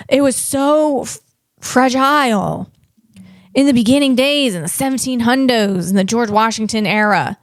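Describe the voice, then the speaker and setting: Woman comedian host, higher voice, rambling casual chat, dry close mic. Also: dry recording. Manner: rambling and digressive, lots of restarts.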